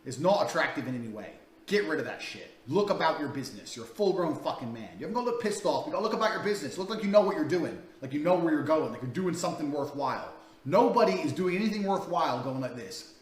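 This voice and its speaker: A man's voice: on the high side, animated, fast talker. Blunt profane man in an echoey room. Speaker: dating coach. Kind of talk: coaching monologue for a paid course. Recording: echoey room, distant mic, faint ambience.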